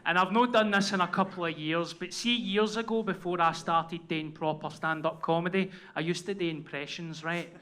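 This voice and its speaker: Sweary Glaswegian comedian, high voice. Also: male voice, steady tone, normal speed, hardly any pauses. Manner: sweary, self-deprecating, checks in with "right?". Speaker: comedian guest. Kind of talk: live stand-up storytelling. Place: comedy venue. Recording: live room with loud crowd and noise.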